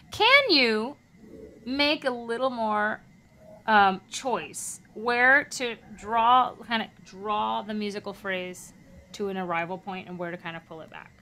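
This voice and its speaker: A woman with a bright, fairly high voice coaches a singer in a masterclass. She is encouraging and lively, and she demonstrates French phrases aloud as she gives notes. Her tone is clear and forward. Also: unhurried. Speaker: voice teacher giving a masterclass.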